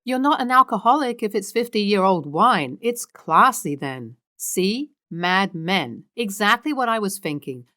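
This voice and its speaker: Woman narrator reading out posts, even scripted delivery, mid pitch. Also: measured pace, hardly any pauses. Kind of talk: reading online posts aloud.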